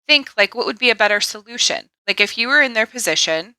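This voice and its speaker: A woman's voice: on the high side, animated, fast talker, hardly any pauses, sharp tone, no room sound. A woman co-hosting a podcast in casual chat, giggly and teasing, sometimes tripping over her words. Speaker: podcast co-host.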